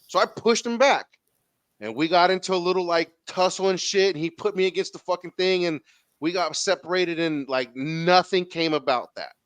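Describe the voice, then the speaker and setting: A man in his thirties with a Southern Californian accent tells a story, swearing freely and acting out the voices of the people in it. His voice is smooth and clear, slightly higher than most men's, and the sound is dry and close. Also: moderate pace, no echo. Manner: profane, animated storyteller, acts out quotes. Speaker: podcast host. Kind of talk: casual storytelling chat.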